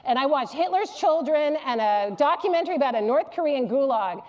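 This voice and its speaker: A middle-aged woman delivering a public lecture to a live audience. Her voice sits a little high, and she tells stories with a candid, humorous, animated manner. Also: a little fast, muffled recording.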